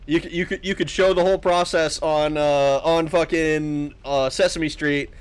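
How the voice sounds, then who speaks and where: A man's voice: on the high side, fairly even intonation, clear, resonant tone. Joking, crude young male streamer. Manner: joking, crude, quick to laugh. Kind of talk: casual gameplay commentary.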